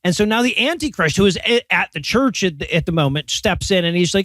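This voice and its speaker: A man's voice: high voice, fast talker, few pauses, fairly bright tone, dry recording. A man co-hosting a podcast, sarcastically retelling a bad movie and laughing often. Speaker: podcast co-host. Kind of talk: casual comedic movie review.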